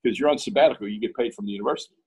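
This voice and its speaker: A man's voice: on the low side, rapid-fire, slightly rough, rough recording. A man from Pittsburgh, a guest in an interview, telling a story in a casual way and acting out both sides of the dialogue.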